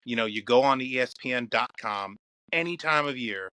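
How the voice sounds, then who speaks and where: A man's voice: medium pitch, fairly quick, bright, forceful tone, dry recording. A man from Philadelphia, a guest on a podcast, talking earnestly and gratefully in a casual interview. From Philadelphia, United States. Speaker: league scheduling executive, guest.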